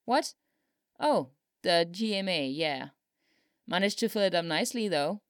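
A woman's voice: on the low side, animated, unhurried, no room sound, clean studio sound. A woman doing a giddy young singer. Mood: playful. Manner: giddy, swearing in bursts of disbelief. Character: young male pop singer, excitable and foul-mouthed.

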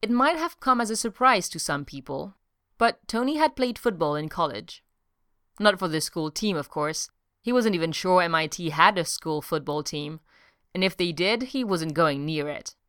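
A woman narrating a story in an audiobook, measured and even. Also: on the low side, clear, resonant tone, no echo, clean studio sound. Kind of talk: audiobook reading of fiction.

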